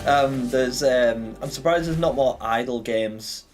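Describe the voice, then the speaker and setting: A man's voice: mid-range voice, measured pace, slight background noise. A young man chatting casually on a livestream, rambling with lots of fillers and chuckles.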